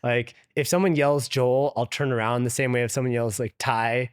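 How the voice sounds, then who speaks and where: Male interview guest, casual anecdote teller, filler-heavy and loose, mid-pitched, dry close recording. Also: fairly even intonation, normal speed, clear, resonant tone, dry recording. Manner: loose and chatty, heavy use of "like", laughs often. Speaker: interview guest, venture investor. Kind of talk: casual storytelling in conversation.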